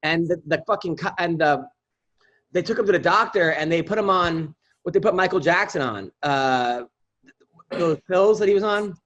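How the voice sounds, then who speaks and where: A man on a podcast telling profane, animated stories in a casual chat. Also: on the high side, moderate pace. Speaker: podcast guest comedian. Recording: dull lo-fi audio.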